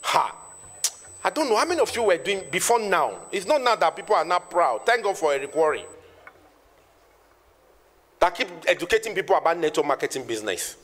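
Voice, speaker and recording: A Nigerian man in his thirties who trains people in network marketing delivers an emphatic motivational speech to an audience, repeating lines for effect. His voice is a little high and somewhat bright. The hall gives it a long reverb.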